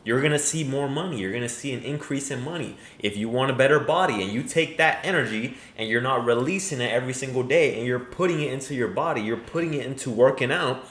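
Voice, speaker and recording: A man's voice: mid-range voice, quick pace, few pauses, fairly bright tone. A man giving crude, mocking reaction commentary, emphatic and profane. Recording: echoey room.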